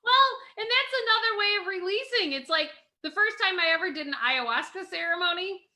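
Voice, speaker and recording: A woman hosting a casual podcast conversation, giggly and quick to laugh, telling candid stories in an animated way. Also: very high-pitched. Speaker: podcast host.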